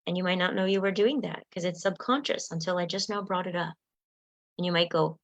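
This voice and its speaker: A woman with a lowish voice teaches an earnest self-help lesson, acting out short sample replies as she goes. The sound is dry and a little dull, with no room around it. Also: steady tone, a little fast, no echo. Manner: earnest, acts out sample dialogue lines. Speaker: coach giving tips.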